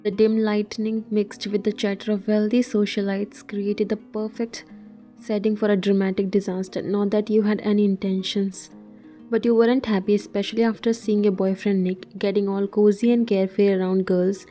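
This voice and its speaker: A woman narrating a scripted story in the second person at an even, measured pace. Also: medium pitch, faint music behind.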